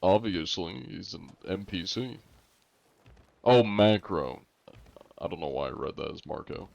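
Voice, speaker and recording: A man's voice: deep voice, measured pace, gravelly, darkish tone, no room sound. A man chatting casually on a live game stream, in a laid-back, joking way, reacting to chat, heard through dull lo-fi audio.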